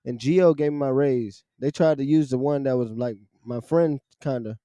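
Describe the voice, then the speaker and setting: A young man casually telling a story from his retail job, animated and profane, often laughing and acting out the people he quotes. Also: mid-range voice, normal speed, dry recording, lo-fi sound. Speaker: podcast host telling a story.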